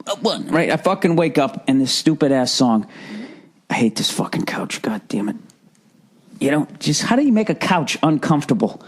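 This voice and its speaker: American guy ranting on his podcast, swears a lot, kinda high voice. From United States. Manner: profane, sarcastic, animated ranting. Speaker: podcast host. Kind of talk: casual rambling monologue.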